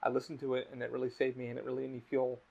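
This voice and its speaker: A man's voice: mid-range voice, completely flat delivery, racing, creaky, slightly rough, narrow, tinny audio. A young man hosting a podcast, talking emotionally in casual chat, swearing often and restarting his sentences. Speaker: podcast host.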